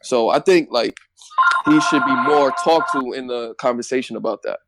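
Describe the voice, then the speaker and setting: A man's voice: mid-range voice, normal speed, very noisy. Man arguing a case on a podcast call. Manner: steady, makes his case point by point. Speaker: guest commentator. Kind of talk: casual debate call-in.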